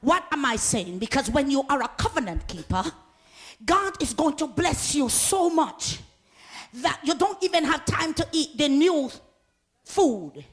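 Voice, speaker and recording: A woman preaching a sermon with fervor, laughing often and swinging from talk into shouts as she calls on the congregation. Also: high-pitched, expressive, a little slow.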